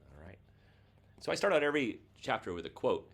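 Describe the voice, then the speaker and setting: A man's voice: mid-range voice, very animated, a little fast, gravelly, fairly bright tone, husky. A man, the author, chatting casually about his book and then reading it aloud, with a loose, filler-heavy way of talking. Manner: loose and casual, lots of "like" and "you know".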